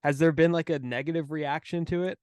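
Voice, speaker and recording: Smooth-voiced male podcast host, dry sound. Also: fairly high pitch, fairly quick, dry recording. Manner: relaxed, loosely phrased questions. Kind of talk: casual interview.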